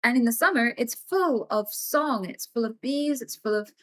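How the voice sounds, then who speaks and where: A woman's voice: on the high side, normal speed. Woman streamer telling a story. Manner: emphatic and swearing, animated as she tells a story. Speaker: live streamer. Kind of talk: casual storytelling to a live chat.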